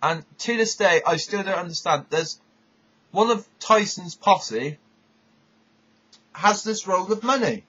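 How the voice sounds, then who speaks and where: Husky man rambling with enthusiasm. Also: high voice, lively intonation, slow pace, long pauses, bright, forceful tone, lo-fi sound. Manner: rambling, enthusiastic, self-interrupting. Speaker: vlogger. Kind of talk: casual countdown commentary.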